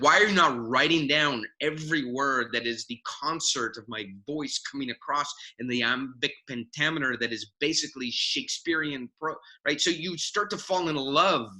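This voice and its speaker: Animated bright-voiced man on a call. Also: fairly high pitch, moderate pace, few pauses, poor audio. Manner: animated, self-mocking, acts out quoted voices. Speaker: mentor guest. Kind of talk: casual video call chat.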